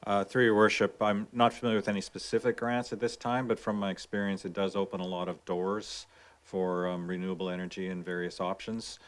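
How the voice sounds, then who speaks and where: A man's voice: low-pitched, flat delivery. A man giving formal technical answers at a council meeting, addressing the chair properly. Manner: formal, measured.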